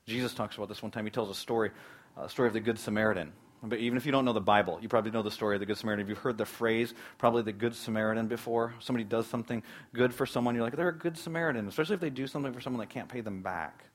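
Male pastor, brisk sermon delivery, emphatic with hushed asides, mid-range voice. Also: medium pitch. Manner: emphatic, swings between loud preaching and hushed asides.

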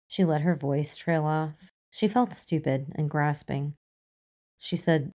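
A woman narrating a fan fiction story in a slow, measured, calm reading voice. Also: low voice.

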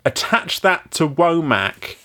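A man's voice: a little high, sing-song, slow, pushed and bright. A man co-hosting a casual film-review chat, recapping scenes with lots of laughter. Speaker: podcast co-host.

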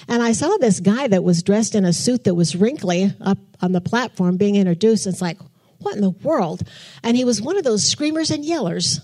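An older woman gives a testimony to a church group. She talks in a chatty, storytelling way and acts out her own past thoughts as she goes. Her voice sits at a middle pitch. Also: a little mellow. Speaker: church speaker. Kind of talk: testimony sermon.

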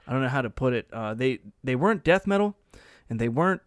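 Laid-back young man, halting speech. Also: mid-range voice, lively intonation, no room sound, studio quality. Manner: laid-back, hesitant, many fillers. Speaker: podcast co-host. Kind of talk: casual chat.

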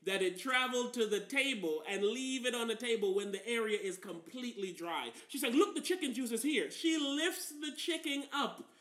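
High bright-voiced man, animated podcast banter. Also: normal speed, hardly any pauses, reverberant. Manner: animated storytelling, laughs often, acts out quotes. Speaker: podcast co-host.

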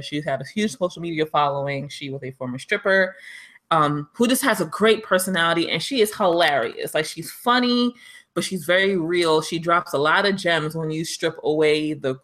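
A woman's voice: deep voice, fairly bright tone. A woman with a New York accent, co-hosting a podcast in chatty, emphatic casual talk and laughing often. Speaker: podcast co-host. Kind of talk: casual chat.

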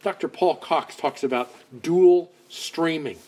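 A man preaching a conversational sermon, acting out quoted voices and dropping to soft asides. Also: a little high, takes it slowly. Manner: conversational, dramatic swings between loud outbursts and soft asides.

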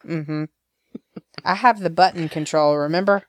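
A woman's voice: deep voice, moderate pace, dry recording. Chatty Southern woman recapping a soap. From Alabama. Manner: chatty, laughing, acts out quotes. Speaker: podcast host. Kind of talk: casual recap chat.

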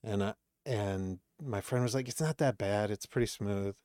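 A man from Maine, chatting on a podcast as a guest comedian. His voice sits a little low, and he tells his anecdotes with lively energy, slipping into the voices of people he quotes. The sound is close and dry. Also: moderate pace, dry recording. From Maine, USA. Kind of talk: casual storytelling chat.

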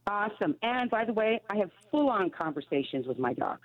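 A woman caller on a radio call-in show, talking in halting, restarting phrases. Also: mid-range voice, sing-song, no room sound. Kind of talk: phone call-in. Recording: dull phone line.

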